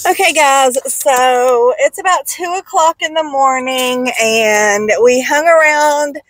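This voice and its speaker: A woman vlogging casually from a car at night, excitable and full of exclamations. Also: high-pitched, slow pace, rough recording. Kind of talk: casual vlog chat.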